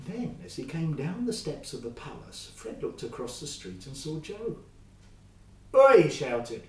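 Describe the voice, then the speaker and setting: A man telling a Bible story to children in a lively, expressive way. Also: fairly high pitch, moderate pace, echoey room, far from the mic, poor audio.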